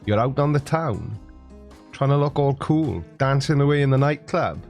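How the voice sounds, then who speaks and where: A man's voice: mid-range voice, expressive, normal speed, darkish tone, faint music behind. A Welsh man in his forties with a sarcastic, jokey delivery, giving a comic monologue. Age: 40s. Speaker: YouTuber.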